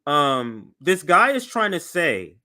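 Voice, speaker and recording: A man hosting a show, giving animated political commentary as he reacts to news clips. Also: on the high side, takes it slowly. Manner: animated and conversational, voice jumps up for emphasis.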